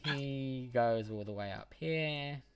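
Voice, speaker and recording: A man's voice: mid-range voice, slow, over a noisy crowd. A man narrating as game master in a casual, laughing way.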